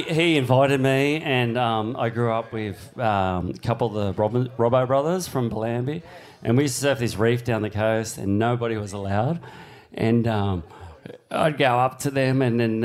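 Animated Australian man telling stories. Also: medium pitch. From New South Wales south coast, Australia. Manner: animated, laughing storyteller, swears freely. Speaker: panel guest, surfer. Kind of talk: live on-stage storytelling. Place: live panel at a bowling club in front of an audience.

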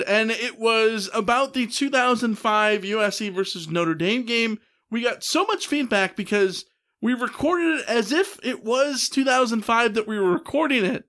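High-voiced chatty male podcast host. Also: fairly bright tone. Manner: quick, chatty, with many "uh" fillers. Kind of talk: casual podcast chat.

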